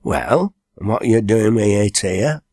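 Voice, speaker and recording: A man's voice: on the low side, animated, a little slow, a little mellow, no echo, clean studio sound. Sally, a man reading a scolding village woman. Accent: Lancashire.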